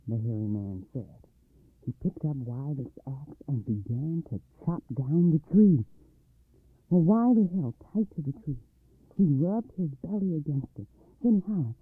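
A man reading a folktale aloud, expressive, shifting his pitch and volume. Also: unhurried, husky, no echo. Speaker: storyteller. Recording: dry tinny phone-like line.

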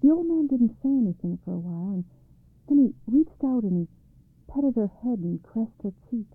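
A woman narrating a storybook in a calm, measured read-aloud way, on a tinny recording. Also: on the high side, breathy edge, dry recording. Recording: dry, tinny phone-like sound.

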